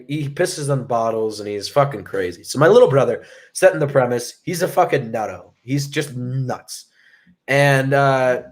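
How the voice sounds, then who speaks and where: Young guy on a podcast, rambling and swearing, says "like" nonstop, lively casual storytelling. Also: mid-range voice. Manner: rambling, profane, lots of "like" fillers. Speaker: podcast co-host. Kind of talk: casual storytelling to a live chat.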